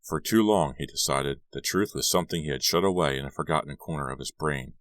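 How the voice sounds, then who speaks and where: A man narrating a young adult horror novel in a measured reading. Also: extremely low pitch, a bit bright, dry recording. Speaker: audiobook narrator. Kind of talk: scripted narration.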